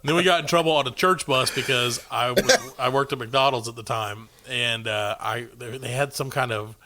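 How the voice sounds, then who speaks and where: A man's voice: mid-range voice, normal speed, bright, forceful tone. A man hosting a comedy podcast, rambling through stories and reading odd news aloud with frequent laughs. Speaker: podcast host. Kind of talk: casual comedy chat.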